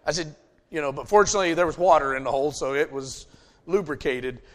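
A man's voice: fairly high pitch, fast. A middle-aged man preaching a sermon, emphatic and folksy, telling personal stories to his congregation. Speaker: pastor. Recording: long hall reverb.

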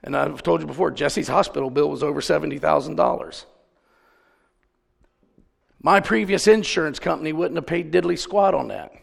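Gravelly preacher in a reverberant hall. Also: male voice, on the high side, moderate pace, pauses often. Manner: storytelling, asks the congregation questions. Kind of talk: conversational sermon.

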